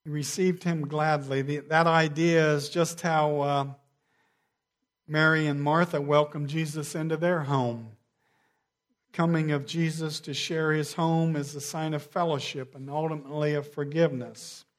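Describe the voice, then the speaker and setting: A man preaching a sermon, measured, sinking to a quiet hush on key phrases. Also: a little high, steady tone. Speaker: pastor.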